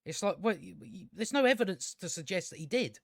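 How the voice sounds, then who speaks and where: A man's voice: high-pitched, lively intonation, brisk, gravelly, no room sound, studio quality. A man reviewing a TV show in a casual rant, blunt, scornful and full of swearing.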